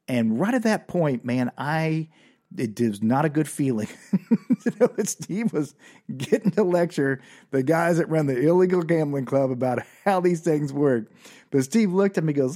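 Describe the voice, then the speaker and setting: A man hosting a comedy podcast, telling a story in an animated, excitable way. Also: mid-range voice, moderate pace. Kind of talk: storytelling monologue.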